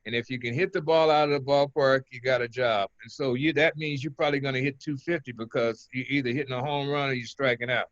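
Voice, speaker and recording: An older man from Oakland, a former pitcher, telling rambling stories as an interview guest. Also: fast, few pauses, dry recording, highs cut off. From Oakland, California. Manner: relaxed, rambling, chuckles between stories. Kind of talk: casual interview storytelling.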